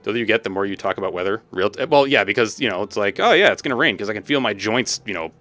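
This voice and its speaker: Young guy streaming a dating game, bright voice, goofy and trips over his words a lot. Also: lowish voice, racing, soft background music. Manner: goofy, tongue-tied, laughs at his own jokes. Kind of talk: casual game commentary.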